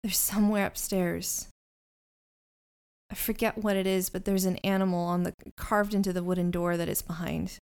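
A woman's voice: on the low side, little pitch movement, darkish tone, clear, resonant tone, close to an everyday voice. A woman voicing a timid, frightened young boy in a tabletop game, who stammers and trails off. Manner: halting, stammering.

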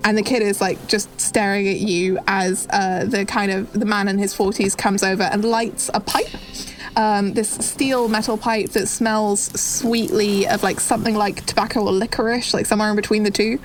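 A woman's voice: mid-range voice, level tone, moderate pace, slight background noise. A woman narrating a tabletop game as game master, descriptive and rambling with lots of "kind of" and "like".

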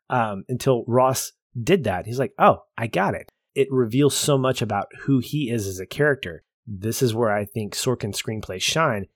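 A man with a lowish voice talking about films in a casual podcast. He explains with emphatic enthusiasm. The sound is close and dry. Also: no echo. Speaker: podcast co-host. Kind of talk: casual film discussion.

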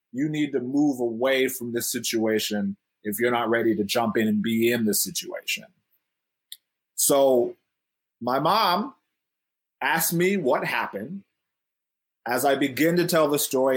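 A young man tells a story from his own childhood in a relaxed, chatty way. His voice sits at an ordinary middle pitch for a man. He jumps into the voices of the people he quotes, laughs here and there, and keeps checking in with "right?". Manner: animated, acts out quotes, laughs often. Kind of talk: casual storytelling.

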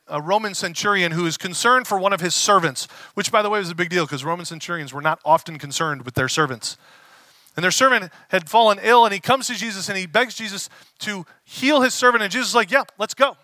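A man preaching a conversational sermon as a pastor, casual and animated, acting out the voices he quotes. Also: high-pitched, no room sound.

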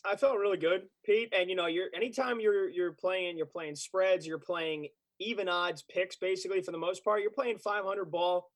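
High-voiced upbeat male co-host. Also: steady tone, normal speed, hardly any pauses, no room sound. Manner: upbeat and talkative, with restarts. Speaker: podcast co-host. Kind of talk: casual sports podcast chat.

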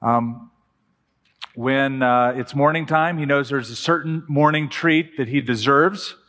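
Pastor preaching in a reverberant hall. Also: male voice, medium pitch, a bit bright. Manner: storytelling with slow emphatic pauses. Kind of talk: sermon. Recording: long hall reverb with faint music.

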